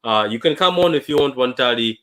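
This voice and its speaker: A young man hosts a fan livestream just after his team has lost. He sounds dejected and keeps repeating himself, starting over and trailing off, at an ordinary middle pitch. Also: expressive, a bit bright. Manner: dejected, repetitive, halting with many restarts. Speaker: fan channel livestream host. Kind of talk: emotional post-match fan livestream.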